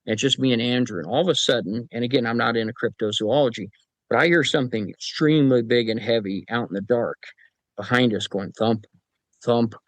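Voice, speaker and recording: A man tells long, folksy anecdotes as a podcast guest, slipping into other people's voices when he quotes them. His voice sits at a middle pitch. The close mic gives a dry sound with no room echo. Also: a little fast. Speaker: paranormal team chief, podcast guest. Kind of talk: casual storytelling interview.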